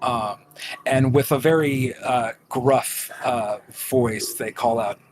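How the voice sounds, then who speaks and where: A man narrating as game master for a tabletop game, slow and hesitant, with lots of ums and uhs. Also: mid-range voice, fairly even intonation, noisy background.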